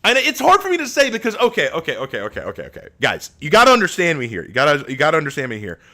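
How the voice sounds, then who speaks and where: A man's voice: on the high side, racing. A young man live-streaming, reading chat aloud and answering with joking, rambling banter. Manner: animated, joking, rambling with frequent repeats.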